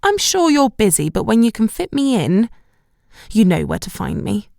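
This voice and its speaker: A woman's voice: mid-range voice, lively intonation, moderate pace, no room sound, clean studio sound, close to an everyday voice. A woman reading an audiobook, voicing an easily offended middle-aged mother who speaks in a clipped, affronted way. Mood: hurt.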